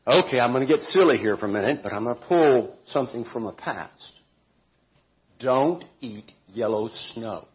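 A man teaching a Bible study group in an informal, deliberate way, stressing words and adding homely asides and self-corrections. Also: medium pitch, animated, highs cut off.

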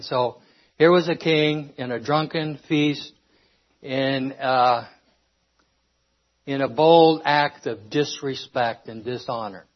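Earnest breathless preacher, dull lo-fi recording. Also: male voice, medium pitch. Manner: earnest, with restarts and scripture reading. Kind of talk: sermon.

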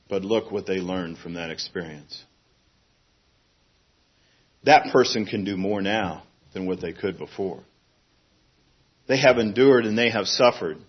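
A middle-aged man preaching a sermon in a plain, earnest way, now and then acting out a fussing parent in a sudden high voice. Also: highs cut off.

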